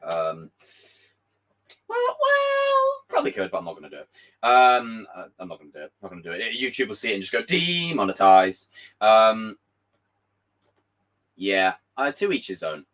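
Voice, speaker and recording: A young man hosting a casual live stream, reading chat aloud with a hoarse voice, animated and swearing freely. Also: low voice, fairly quick, poor audio. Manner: animated, swearing, bursts into shouts.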